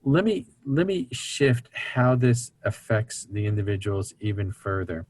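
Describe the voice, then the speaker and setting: A man's voice: on the low side, big pitch swings, measured pace, a little mellow, husky, no echo. A man speaking as an interview guest, explaining family dynamics in an earnest teaching tone and acting out the voices of people he quotes. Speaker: guest speaker on recovery ministry.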